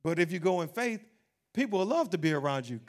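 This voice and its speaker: A man preaches with lively energy, and his voice sits a little higher than most men's. He acts out the worried voices of doubters and laughs now and then. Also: quick pace. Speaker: pastor. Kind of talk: sermon.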